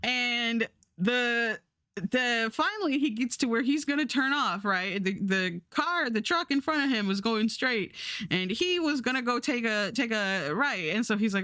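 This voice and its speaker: A woman streamer telling a story in a casual, animated way, repeating words and restarting often. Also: fairly high pitch, a little slow, smooth, no room sound, clean studio sound.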